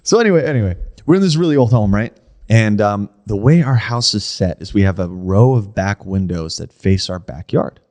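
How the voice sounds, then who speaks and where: A man's voice: lowish voice, animated, normal speed, darkish tone. A man co-hosting a comedy podcast, telling a story casually and often saying "like" and "right?". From New Jersey, USA. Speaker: podcast co-host. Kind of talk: casual chat.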